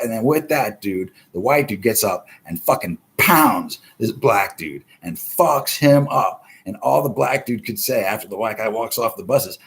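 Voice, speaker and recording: A man's voice: on the low side, expressive, normal speed, gravelly, few pauses. A man hosting a live stream, chatting casually about the news in a rambling, heavily profane way. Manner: profane, rambling, swears constantly.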